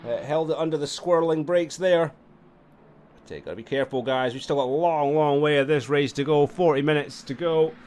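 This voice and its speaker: Tired sim racing commentator. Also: male voice, a little high, brisk, a little hiss or hum. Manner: chatty, apologetic, bursts into excited yelps. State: tired, yawning. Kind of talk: live esports race commentary.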